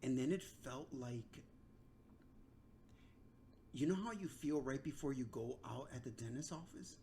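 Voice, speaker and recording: Casual male podcast host, halting. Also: medium pitch, mellow, slight background noise. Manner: halting, with restarts and fillers. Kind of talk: casual chat.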